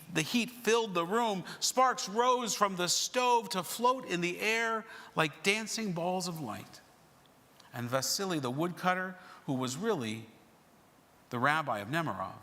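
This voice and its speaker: A man narrates a story with dramatic, expressive turns and then leads prayers. His voice is bright and a little high, and the long echo of a sanctuary surrounds it. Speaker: service leader. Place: synagogue sanctuary. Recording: reverberant sanctuary recording.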